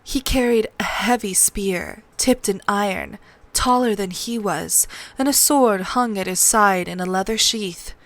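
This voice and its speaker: A woman reads a novel aloud for a read-along. Her voice sits at a middling pitch, and her storytelling stays steady and even. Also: a little slow. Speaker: narrator.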